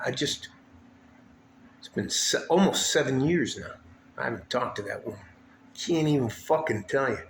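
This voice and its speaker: In an echoey room with a faint ambient hum, a vlogger from West Texas unloads an angry, profane monologue that keeps looping back to the same complaints. His voice is mid-range and fairly bright.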